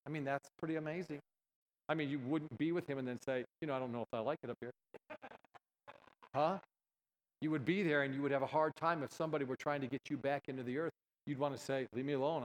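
A man's voice: mid-range voice, poor audio. A man preaching a sermon, telling a story and acting out both sides of the dialogue with animation.

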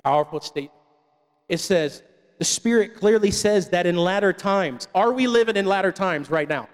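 High-voiced pastor preaching in a hall. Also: male voice, animated, moderate pace. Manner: preaching with call-and-response to the congregation. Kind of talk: sermon. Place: church hall. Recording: long reverb of a church hall.

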